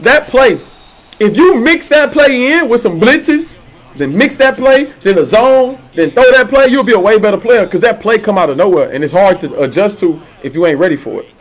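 A man streaming a football video game, trash-talking his opponent loudly with slang, swearing and laughter. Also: sits high, lively intonation, moderate pace. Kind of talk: trash-talking gameplay commentary.

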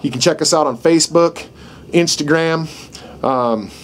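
A man in middle age, his voice on the higher side and unhurried, walks listeners through using a game call outdoors in the country. He keeps it casual and folksy, often asking "right?", as nearby dogs bark over a faint outdoor backdrop.

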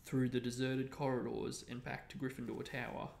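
Male reader, creaky tone, echoey room sound. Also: medium pitch, normal speed. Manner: steady storytelling. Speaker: reader and show host. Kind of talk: reading a novel aloud. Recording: roomy echo.

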